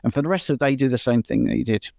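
A man's voice: medium pitch, wildly swooping pitch, very fast, gravelly, a little mellow, dry recording, clean studio sound. A man, a doctor answering viewer questions in a casual chat, explaining things in a chatty way and laughing easily.

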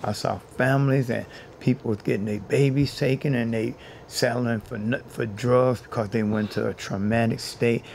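A man's voice: mid-range voice, steady tone, moderate pace, creaky, darkish tone, a little hiss or hum. A man being interviewed as a housing activist, telling his story in an earnest way and building his points by repeating phrases.

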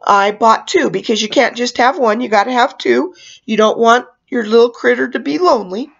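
A woman, a clown magician, telling a story from her shows in an animated, expressive way. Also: a little high, moderate pace, gravelly, slightly rough. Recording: dull lo-fi recording.

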